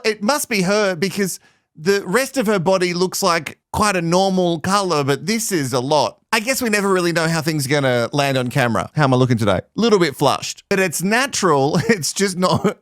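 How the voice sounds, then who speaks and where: A man's voice: high voice, a bit bright, no echo, clean studio sound. A man giving sarcastic, laughing commentary on a reality TV show. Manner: sarcastic, mocking, laughs often. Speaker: commentary host. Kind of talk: casual reality TV recap commentary.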